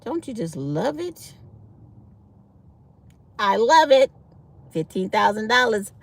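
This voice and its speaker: A middle-aged woman hosts a casual livestream from her phone, chatting freely with her viewers. Her voice is a little high and has a gravelly, creaky edge. She talks in a loose, friendly way and calls everyone y'all. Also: big pitch swings, slow, long pauses, no room sound. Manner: chatty, laughs hard, addresses viewers as y'all. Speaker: livestream host.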